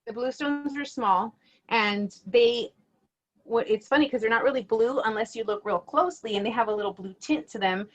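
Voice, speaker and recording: A woman's voice: a little high, normal speed. A woman from the United States co-hosting a casual podcast, chatty and giggly. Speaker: podcast co-host.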